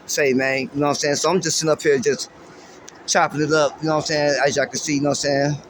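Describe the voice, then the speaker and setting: A man's voice: fairly high pitch, little pitch movement, fast, a little hiss or hum. A man from Los Angeles, hosting and musing in a laid-back, rambling way, with heavy slang, profanity and plenty of fillers. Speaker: podcast host. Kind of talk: casual street-slang musing.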